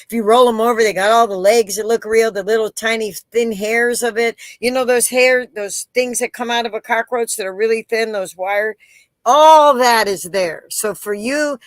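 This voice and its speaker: A woman hosting a live interview, telling stories in an animated way and acting out the voices of the people in them. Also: fairly high pitch, normal speed, no echo. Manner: animated storyteller, acts out quoted voices. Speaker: interview host. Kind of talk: casual live interview chat.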